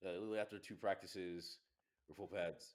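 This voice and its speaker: A young man, a college football player, chatting casually in a relaxed way, with halting restarts and casual swearing. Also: low-pitched. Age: young adult. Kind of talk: casual chat.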